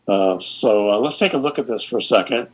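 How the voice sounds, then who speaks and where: Low-voiced male lecturer, measured. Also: a bit bright, low-quality recording. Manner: measured, with frequent fillers. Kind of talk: online class lecture.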